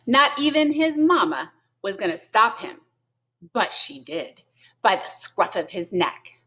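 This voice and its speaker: A woman teacher reading a children's picture book aloud, expressive and playful, with asides to young listeners. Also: medium pitch.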